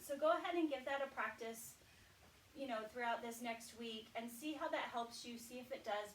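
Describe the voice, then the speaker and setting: Calm woman instructor in a roomy space. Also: fairly high pitch. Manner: calm, encouraging, counts out breaths slowly. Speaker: exercise instructor. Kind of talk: guided breathing exercise class. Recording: roomy sound, voice from a distance, faint background noise.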